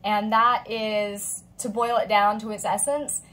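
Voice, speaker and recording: A woman in her thirties talks casually to camera in a chatty, expressive way. She tells her story with feeling and acts out the lines of the people in it. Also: mid-range voice, measured pace, rough recording. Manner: chatty and expressive, voicing quoted friends. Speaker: vlogger.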